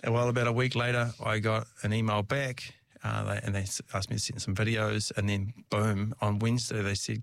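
A man's voice: mid-range voice, steady tone, normal speed, gravelly. A middle-aged man, a former rugby player, chatting as an interview guest, telling stories with frequent laughs and restarts. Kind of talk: casual storytelling.

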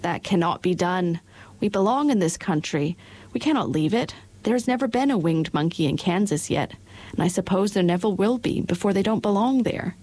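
A woman's voice: medium pitch, expressive, moderate pace, dark tone, no room sound, lightly acted. A woman voicing a dignified male winged monkey king, speaking formally and courteously in a storybook reading.

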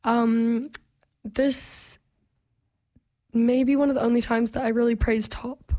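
A woman's voice: on the high side, level tone, slow pace, mellow. A young woman co-hosting a casual political chat, her voice a little strained, talking with many fillers. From New Zealand. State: strained voice after losing it. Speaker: podcast co-host.

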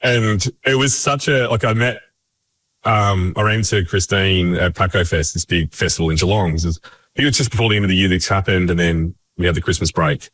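A man's voice: sits low, a little fast. A man telling his story in casual conversation, animatedly acting out what others said. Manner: animated storyteller acting out quotes, laughing often. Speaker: advocate and cult survivor.

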